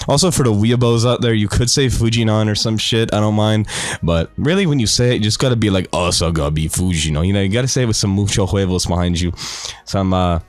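A young man doing casual, crude commentary on game summons, swearing freely and joking around, sometimes jumping into loud high mock voices. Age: young adult. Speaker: gaming youtuber.

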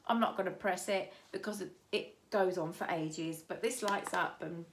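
A woman in her fifties who has grandchildren vlogs a shopping haul, chatting casually and rambling with many restarts. Her voice is lowish and her pace moderate.

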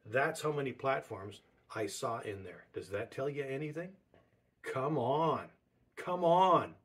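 Husky-voiced man preaching conversationally. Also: mid-range voice, lively intonation, unhurried. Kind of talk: sermon.

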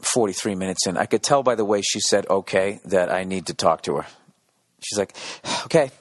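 A man hosting a solo podcast from a hotel room, rambling and swearing with sarcastic asides that swing from mumbled to excited. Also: low voice, fairly quick, dry recording, clean studio sound. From United States. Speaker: podcast host.

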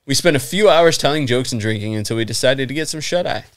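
A man's voice: medium pitch, lively intonation, fast, dry recording. Laid-back man reading a story aloud. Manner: laughs often and swears casually. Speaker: podcast host.

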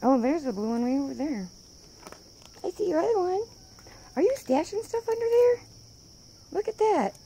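A woman's voice: very high-pitched, animated, moderate pace, pauses often, mellow, a little hiss or hum. A woman who rescues wildlife, talking in sing-song baby talk to her animals and laughing often as she films them on her phone. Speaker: wildlife rehabilitator. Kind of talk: casual talk to animals while filming.

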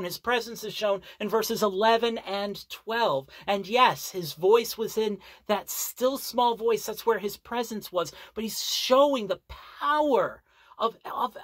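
Slow, earnest Bible teacher. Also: medium pitch, fairly bright tone, no room sound. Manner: earnest, deliberate, repeats key phrases for emphasis. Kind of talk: sermon with scripture reading.

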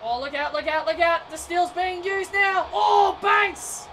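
A woman doing excitable play-by-play wrestling commentary over a video game, often shouting and tripping over her words. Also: very high voice, unhurried, a faint crowd. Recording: distant mic with noisy background.

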